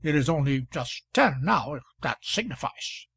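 A man's voice: on the high side, lively intonation, normal speed, a bit bright, slightly rough, no room sound, clean studio sound, heavily acted. A man voicing an irritable middle-aged husband who snaps back curtly in an old novel reading. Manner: curt, exasperated. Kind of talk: audiobook character voice.

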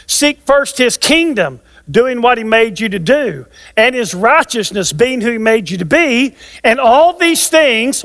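High-voiced older man preaching in a hall. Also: a bit bright. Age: 60s. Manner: emphatic, repeats key phrases for stress. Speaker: pastor. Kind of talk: sermon. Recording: long reverb of a large hall.

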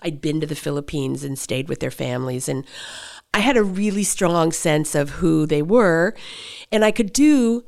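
A middle-aged actress and voice performer telling stories in a conversational interview, her pitch jumping up for emphasis. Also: moderate pace, gravelly. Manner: animated storytelling, pitch jumps for emphasis.

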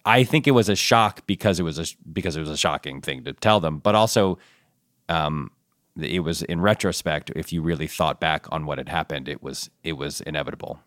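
A man's voice: rumbling low, fairly quick, a bit bright, no echo, clean studio sound. A man, a show creator, chatting as a guest in a thoughtful, restarting way. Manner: thoughtful, with many restarts and fillers. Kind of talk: casual interview chat.

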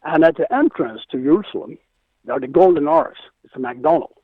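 A man guest musician from Israel telling stories in an interview, animated and acting out the people he quotes. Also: on the high side, a little fast, no room sound. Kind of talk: storytelling interview. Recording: tinny phone line.

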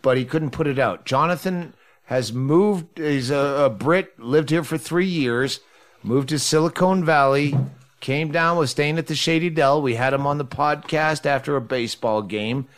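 A man's voice: on the high side, moderate pace. A man hosting a podcast in casual chat at home, blunt and profane. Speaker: podcast host.

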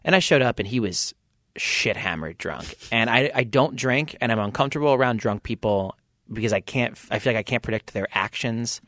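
A man's voice: medium pitch, lively intonation, brisk, a bit bright, no echo, clean studio sound. A man, a band's lead singer, telling rambling anecdotes as a podcast guest and acting out the people he quotes. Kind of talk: casual interview storytelling.

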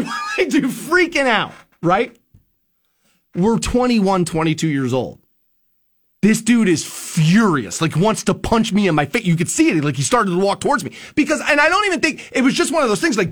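Radio host, male, thirties, high and animated, chatty storyteller. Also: moderate pace. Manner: animated, acts out quotes in loud bursts. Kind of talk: casual storytelling and commentary.

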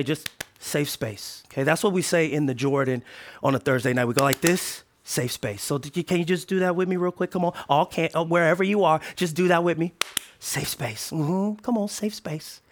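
A man preaching a sermon as pastor, animated and playful, swinging from hushed asides to shouted lines. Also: on the high side, moderate pace, slight background noise.

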